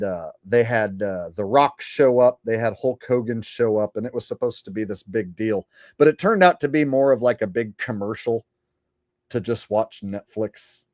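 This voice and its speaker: A man's voice: lowish voice, darkish tone, no room sound, studio quality. A man hosting a casual commentary vlog, rambling in a sarcastic, profane way. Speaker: channel host.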